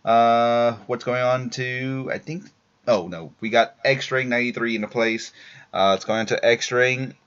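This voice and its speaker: A tired man hosting a live stream, reading out casual shout-outs with lots of fillers and restarts. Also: medium pitch, unhurried, smooth. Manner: rambling, many fillers and restarts. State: tired after a long workday. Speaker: live-stream show host. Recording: dull lo-fi home stream audio.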